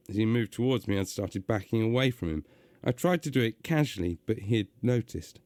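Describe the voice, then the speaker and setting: Low gravelly-voiced man reading aloud. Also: brisk, dry recording, clean studio sound. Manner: relaxed, hesitant with many fillers. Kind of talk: casual reading and chat on a live stream.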